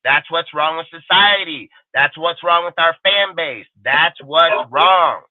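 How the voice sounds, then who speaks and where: A man's voice: fairly high pitch, a little slow, dry recording. A man hosting a live sports show, ranting heatedly and swearing constantly. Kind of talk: live stream rant. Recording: tinny phone-like sound.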